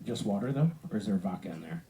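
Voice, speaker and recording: A man's voice: on the low side, expressive, quick pace, mellow. A man hosting a stand-up comedy show, teasing and bantering with the audience in a live venue. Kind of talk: stand-up crowd work. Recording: live room with crowd noise. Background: audience laughter and room noise.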